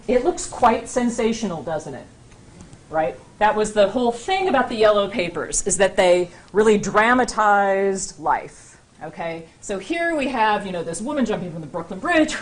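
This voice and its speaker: A woman university lecturer giving a public talk with slides, speaking conversationally and often checking in with her audience with "right?" and "okay?". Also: medium pitch. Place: lecture room before a live audience.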